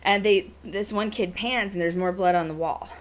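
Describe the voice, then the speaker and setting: A woman hosting a podcast, telling a story in casual chat, animated and full of "like" and "you know". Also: medium pitch, moderate pace. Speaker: podcast host.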